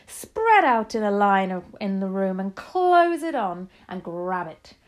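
A woman's voice: mid-range voice, unhurried, a little mellow, close to an everyday voice. A woman voicing a bossy, cruel female witch leader who screeches orders in a storybook reading. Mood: furious.

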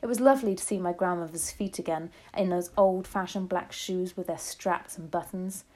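Woman, reading a children's novel aloud, mellow dark tone, steady gentle storytelling. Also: lowish voice, normal speed. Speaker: reader.

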